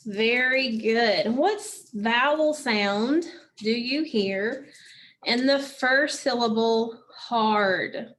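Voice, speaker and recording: A woman's voice: fairly high pitch, fairly bright tone. A woman teaching a phonics lesson, patiently asking questions and answering them herself. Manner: slow, patient, asks and answers own questions.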